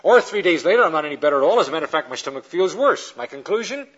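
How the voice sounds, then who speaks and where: A man's voice: on the high side, rapid-fire, breathy edge, muffled recording. A man preaching a lecture-style sermon, telling illustrations and acting out the people in them. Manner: animated storyteller acting out quoted characters.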